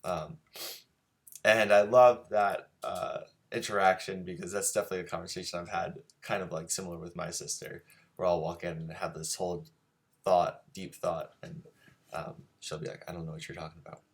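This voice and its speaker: A man's voice: low voice, steady tone, normal speed. A man hosting a casual live-streamed drawing lesson, easygoing and chatty with lots of ums as he greets viewers. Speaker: drawing teacher and show host.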